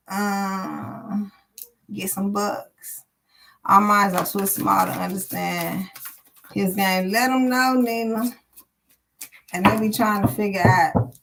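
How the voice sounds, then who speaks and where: A woman's voice: mid-range voice, fairly even intonation, slow pace, gravelly, a bit bright. A woman, giving a live-streamed tarot reading and chatting bluntly with her viewers, with plenty of swearing. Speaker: tarot reader.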